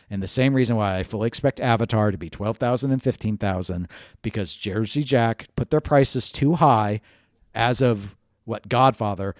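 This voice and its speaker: A man's voice: medium pitch, a little mellow, no room sound, studio quality. A man co-hosting a casual podcast chat, opinionated and analytical, thinking aloud with restarts. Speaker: podcast co-host.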